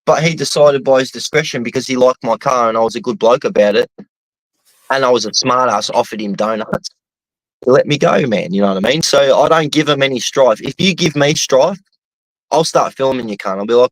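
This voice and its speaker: A man's voice: mid-range voice, fairly quick, dry recording, poor audio. A young Australian man chatting casually, telling blunt stories full of swearing. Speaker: host. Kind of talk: casual chat.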